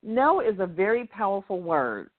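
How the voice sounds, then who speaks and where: A woman's voice: mid-range voice, sing-song, normal speed. A woman guest speaker on a radio talk show, speaking in an emphatic, motivational way with lots of repetition. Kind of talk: casual call-in radio talk. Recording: tinny phone line.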